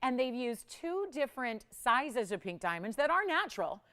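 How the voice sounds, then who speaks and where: In a TV studio, a Los Angeles area resident fronts a live on-air jewelry sales show, laughing frequently in cheerful chat. Her voice is slightly high, bright, and forceful, very animated, delivered at normal speed.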